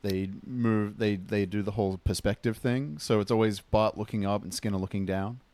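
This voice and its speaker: A man chatting on a casual podcast, expressive as he tells his views. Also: fairly low pitch, normal speed. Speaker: podcast guest. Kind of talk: casual chat.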